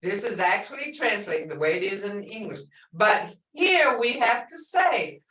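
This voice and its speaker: A middle-aged woman teaching a language class, drawing out words slowly and carefully as she explains. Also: mid-range voice, distant mic. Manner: lively, drawn-out teaching with slow spelled-out phrases. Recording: echoey room, voice a bit off-mic.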